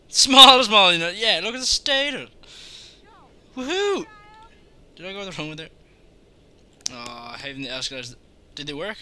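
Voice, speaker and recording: Excitable man, bright high voice. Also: clear, resonant tone, no room sound. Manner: excitable, sweary, loud outbursts. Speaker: let's play host. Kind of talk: video game commentary.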